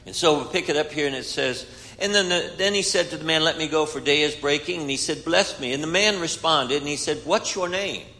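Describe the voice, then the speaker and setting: Bright-toned male preacher in a hall. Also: a little high, fairly quick. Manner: storytelling, voicing biblical characters. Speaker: guest preacher. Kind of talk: sermon. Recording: hall reverb.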